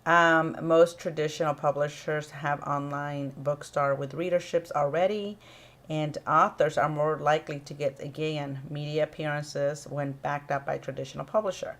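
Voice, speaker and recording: A woman who is an author and runs a small publishing company, casually explaining publishing to her viewers at an unhurried pace with frequent ums and pauses. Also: sits low, steady tone. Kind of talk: casual informational talk to camera.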